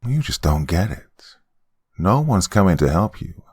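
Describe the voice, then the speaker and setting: A man voicing a demonic female emergency dispatcher who speaks calmly and then turns mocking. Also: low voice, unhurried, breathy edge, no echo, studio quality, full character voice. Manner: calm then mocking, cackling.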